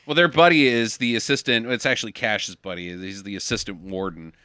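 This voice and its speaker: A man's voice: fairly low pitch, fairly quick, sharp tone, smooth, no room sound, studio quality. A man co-hosting a casual movie podcast, recapping the plot with jokey asides. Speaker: podcast co-host. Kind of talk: casual movie-riff chat.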